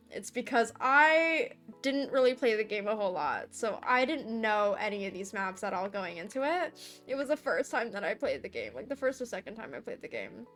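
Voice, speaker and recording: A young woman art streamer chatting casually and giggling while she draws, sometimes cooing baby talk at her cat. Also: a little high. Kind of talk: casual chat while drawing. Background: soft background music.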